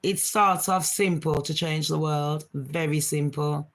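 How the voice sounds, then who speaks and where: A woman's voice: low-pitched, fairly even intonation, measured pace. A middle-aged woman, hosting a casual live chat with her viewers in a rambling, frank, slangy way. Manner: slangy street talk. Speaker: livestream host.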